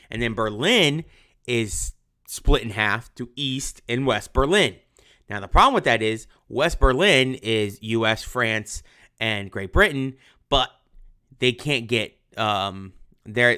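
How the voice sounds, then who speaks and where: Young man, history teacher, casual live online lesson, chatty with many ums, bright, clear. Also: mid-range voice. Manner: chatty, many ums, reads and answers viewer comments. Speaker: high school history teacher.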